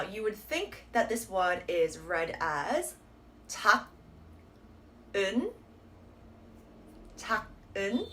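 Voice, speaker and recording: A woman teaching a pronunciation lesson, explaining patiently and sounding out model words slowly and clearly. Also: medium pitch, fairly bright tone, slight background noise. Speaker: Korean language teacher.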